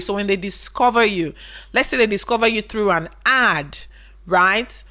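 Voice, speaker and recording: A woman business educator gives a casual lesson to camera, explaining through rhetorical questions and repeating key points for emphasis. Her mid-range voice is bright and forceful, at a moderate pace.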